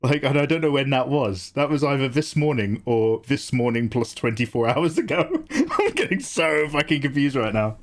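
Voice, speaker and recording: A man's voice: mid-range voice, very animated, moderate pace, hardly any pauses. A man chatting loosely on a drawing livestream, swearing, joking and greeting chat by name. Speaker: streamer and artist.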